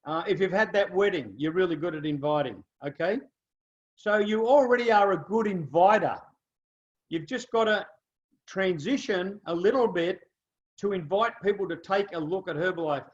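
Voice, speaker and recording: Aussie guy running a sales training, high voice, dull lo-fi audio, keeps going "right?". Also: moderate pace. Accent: Australian. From Australia. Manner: animated storyteller, acts out dialogue, keeps checking in with "okay?" and "right?". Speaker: business trainer. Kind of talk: motivational training talk.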